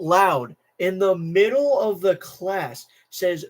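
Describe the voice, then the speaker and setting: A man's voice: sits high, expressive, takes it slowly, hardly any pauses. A teenage boy streaming a casual political rant, tired, restless, repeating himself and restarting sentences. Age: teens.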